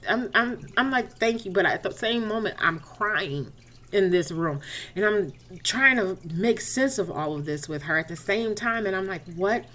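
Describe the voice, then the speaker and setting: A woman's voice: mid-range voice, expressive, moderate pace, bright, forceful tone. Woman telling a faith testimony. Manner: conversational, addresses listeners directly; retells dialogue expressively. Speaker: inspirational speaker.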